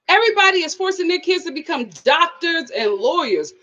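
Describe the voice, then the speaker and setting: A woman hosting a live TV review, talking in an expressive, animated way and responding to viewers. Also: very high voice, fairly quick, few pauses, lo-fi sound. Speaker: host of a TV review channel.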